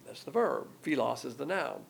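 An older man preaching a sermon, teaching in a folksy, emphatic way that jumps up in pitch on key words. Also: big pitch swings, moderate pace, creaky, slight background noise. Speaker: pastor.

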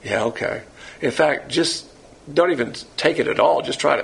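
A male preacher teaching scripture with a gravelly, husky voice. He is blunt and combative, mocking what he dislikes with sarcasm. His pitch leaps up suddenly when he stresses a point. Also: moderate pace. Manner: emphatic, with sudden loud jumps in pitch. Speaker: Bible teacher. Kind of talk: sermon-style Bible teaching.

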